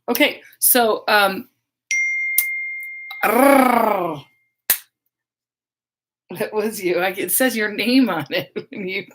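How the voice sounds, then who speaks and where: A middle-aged woman who works as a medium, chatting casually on a livestream with her viewers, rambling and laughing often, her voice a little hoarse. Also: medium pitch, extremely slow, long pauses, noisy background. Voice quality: slightly hoarse.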